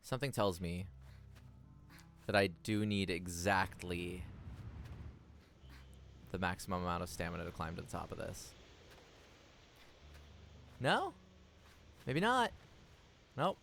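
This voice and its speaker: A man's voice: low voice, fairly even intonation, moderate pace, creaky, pauses often, fairly bright tone, a little hiss or hum. A man streaming a video game, commenting casually and reading game text aloud in a playful, goofy way.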